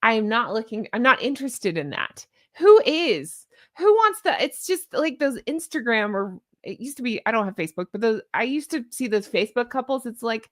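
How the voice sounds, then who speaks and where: Chatty woman, lively voice. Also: on the high side, moderate pace, hardly any pauses, no room sound, studio quality. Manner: chatty, jokey, greets viewers. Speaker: host of a commentary channel. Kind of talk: casual livestream chat.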